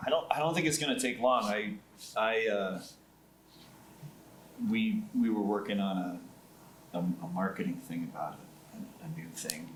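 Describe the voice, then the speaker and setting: A man who works in home building, speaking casually on a panel, halting and repeating words as he searches for them. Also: deep voice. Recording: roomy echo with faint background hum.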